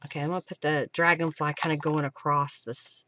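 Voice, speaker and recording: A woman's voice: low-pitched, level tone, brisk, pushed and bright, a little hiss or hum. A woman hosting a live crafting demonstration at home, chatting and thinking aloud with fillers as she works. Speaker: craft host.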